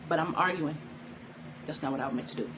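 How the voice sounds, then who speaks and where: A middle-aged woman who teaches tantra speaks straight to the camera, frank with her viewers and laughing often. Her voice is low and her pace quick, with a noisy background behind her.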